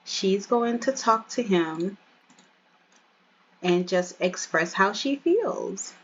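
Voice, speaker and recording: Slow, chatty woman narrating a let's play. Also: mid-range voice, lively intonation, breathy edge, lo-fi sound. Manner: chatty, gushing, addresses viewers directly. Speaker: gaming channel host.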